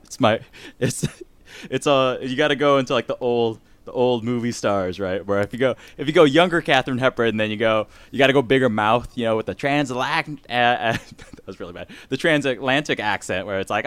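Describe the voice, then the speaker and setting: A man's voice: medium pitch, fairly quick, a bit bright, clear, resonant tone, no room sound. Chatty guy on a podcast, laughs a lot, dry close sound. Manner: laughs often, rambling. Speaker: podcast co-host. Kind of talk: casual chat.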